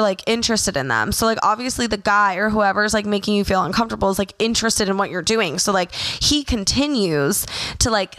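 A young woman ranting casually to camera, blunt and profane, packing her story with fillers and lively storytelling. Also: mid-range voice. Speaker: vlogger.

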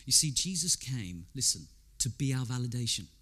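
A man's voice: medium pitch, animated, moderate pace, pushed and bright, breathy edge. A man preaching a sermon in a conversational way, asking his listeners rhetorical questions, repeating words as he goes and quoting people in character.

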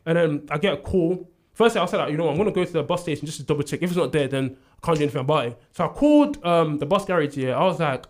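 A young man tells a story at a quick clip, and his voice sits a touch higher than most men's. He is animated, jumps into the voices of the people in his tale and laughs through the telling. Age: young adult. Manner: animated storyteller who acts out quotes and laughs often. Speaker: university student. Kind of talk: casual storytelling chat.

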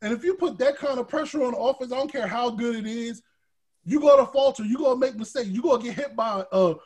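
A male podcast host in heated sports talk, animated, swinging from shouted rants to low grumbles, with a husky voice. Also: fast.

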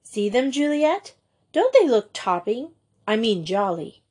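A woman reading aloud voices an excitable young schoolgirl who speaks in eager, breathless exclamations. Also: a little high, unhurried, breathy edge, heavily acted. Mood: excited.

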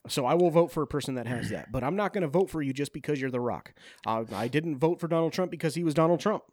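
Higher-pitched man, dry close sound. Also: animated, fast talker, dry recording. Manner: laughs often, protests loudly. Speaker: podcast co-host. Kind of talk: casual chat.

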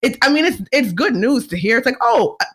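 Outspoken vlogger riffing on celebrity news, casual and animated, with a lively pitch. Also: fast talker, husky. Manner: animated, swears freely, mimics others in high voices.

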